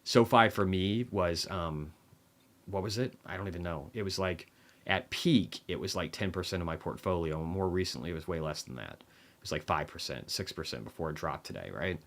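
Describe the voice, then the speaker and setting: At a normal speed, a man with a low-pitched, slightly bright voice hosts a casual livestream reviewing markets. He's blunt, swears plenty, leans on dry sarcasm, and wanders through asides and restarts.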